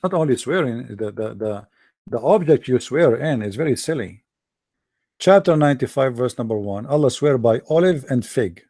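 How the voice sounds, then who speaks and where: A man's voice: medium pitch, animated, normal speed, dark tone, no room sound, studio quality. A man hosting a livestream who talks to his audience in a sarcastic, mocking way. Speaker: host.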